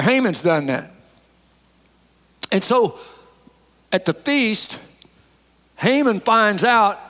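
Folksy preacher in a reverberant church. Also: male voice, sits high, a bit bright. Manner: folksy, emphatic storytelling preacher. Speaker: pastor. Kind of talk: sermon. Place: church sanctuary. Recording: long hall reverb.

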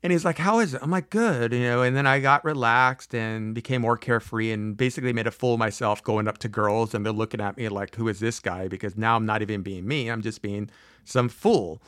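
A man in his forties telling a personal story in a casual, animated way, acting out quoted voices, with frequent fillers and restarts. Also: fairly low pitch, brisk, clear, resonant tone, dry recording, studio quality.

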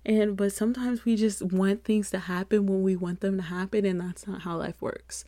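A woman's voice: medium pitch, fairly even intonation, normal speed, few pauses, dark tone, no room sound. Chatty rambling young woman podcaster. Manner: rambling, chatty, laughs often, self-deprecating. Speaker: podcast host. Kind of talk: casual solo podcast chat.

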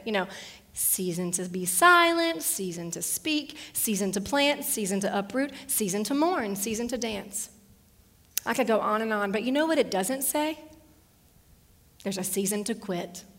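A woman delivering a sermon as a preacher, emphatic, moving between loud declarations and soft whispered lines in a large room. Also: mid-range voice, vocal fry. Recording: long hall reverb.

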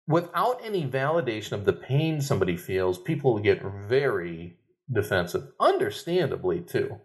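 A middle-aged man speaks as a marriage and family therapist on a podcast. His voice sits at a middle pitch but moves around a lot, rising and falling as he acts out the phrases people say. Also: measured pace. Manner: conversational, lively delivery with quoted phrases. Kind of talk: podcast talk.

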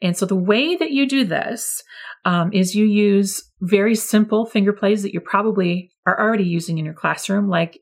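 A woman educator talks other teachers through classroom routines, friendly and practical. Her mid-pitched voice carries a gravelly, creaky texture as she coaches them. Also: normal speed. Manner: friendly, demonstrates voice levels with lively examples. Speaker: early childhood educator. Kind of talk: teacher training talk.

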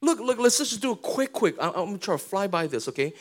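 A man's voice: sits high, sing-song, fast talker. A man preaching a sermon as pastor, in a casual, conversational way with slangy asides, often putting questions to the congregation.

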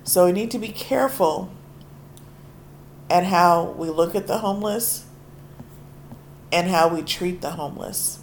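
Hoarse woman preaching, slow and earnest. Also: on the low side, slight background noise. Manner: earnest, conversational, reads scripture aloud with emphasis. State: hoarse from allergies. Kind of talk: sermon.

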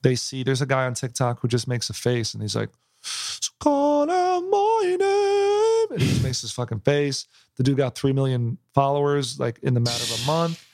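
A man in his thirties talks comedy in a loose, rambling way, often restarting and throwing in "bro". He sounds tired from a poor night's sleep. His voice sits at a medium pitch and is recorded dry and close. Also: fairly even intonation, fairly quick, creaky, hardly any pauses, no echo. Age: 30s. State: tired, yawning. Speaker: stand-up comedian. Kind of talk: casual podcast chat.

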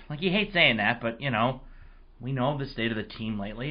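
A man hosting a casual sports podcast, his voice hoarse, telling rambling, excitable stories. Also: medium pitch, a little fast, dull audio. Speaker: podcast host.

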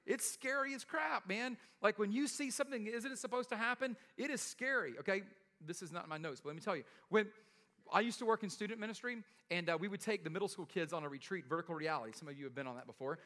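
A man's voice: high voice, quick pace, sharp tone, big-room sound. A man preaching a sermon in a casual, joking storytelling way, often laughing and checking in with "right?". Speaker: pastor.

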